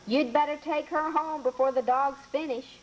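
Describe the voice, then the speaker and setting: A woman doing a gruff, blunt old woman. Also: high-pitched, fairly even intonation, normal speed, a little hiss or hum, voice pushed up, lightly acted, poor audio. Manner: brusque and scolding.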